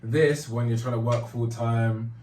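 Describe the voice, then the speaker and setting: A man's voice: mid-range voice, fairly even intonation, unhurried, a little mellow. A man hosting a casual podcast, chatty and laid-back with slangy phrasing. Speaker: podcast host. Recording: roomy, slightly distant, faint noise.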